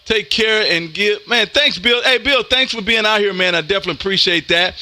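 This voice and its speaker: A man from Texas, a ham radio operator streaming live, talking loud and energetic as he makes contacts and calls "man" after almost every phrase. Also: sits high, brisk, no echo, clean studio sound. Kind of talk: on-air radio contacts and chat. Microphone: close studio mic with headphones.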